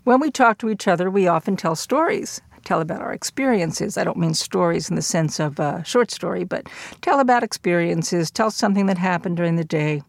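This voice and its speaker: Low, gravelly woman lecturing. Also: expressive, no echo. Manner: measured, explanatory delivery with occasional fillers. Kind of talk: recorded lecture.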